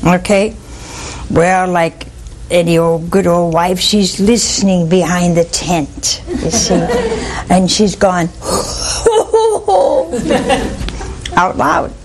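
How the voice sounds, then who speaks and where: A woman's voice: on the low side, animated, slow, a crowd in the background. A woman preacher giving a folksy sermon, telling stories with frequent chuckles and asides like "see?". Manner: folksy storytelling, chuckles often, asks "see?".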